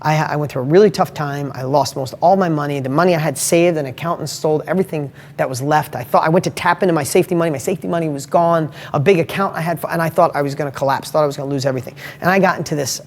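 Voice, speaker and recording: A man's voice: on the high side, quick pace. A middle-aged man hosting a live motivational strategy talk, telling stories bluntly and emphatically and swearing casually. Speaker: host.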